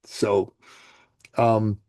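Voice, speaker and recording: A man born in Iran, speaking without an accent as a podcast guest, blunt and forceful, swearing freely and swinging between loud outbursts and quiet remarks. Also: on the low side, little pitch movement, very slow. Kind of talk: forceful opinionated interview talk.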